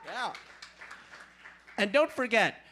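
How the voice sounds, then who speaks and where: A man doing live stand-up storytelling at a small club, animated and playful. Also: high-pitched, slow pace, some chatter behind, slight background noise. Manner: animated, playful, loud asides. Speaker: storyteller, comedian.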